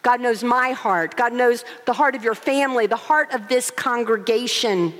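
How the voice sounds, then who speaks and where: Slightly high and at a moderate pace, the voice of a female co-pastor in her forties fills a large church sanctuary with long reverb. Her sermon unfolds through expressive storytelling and rhetorical questions.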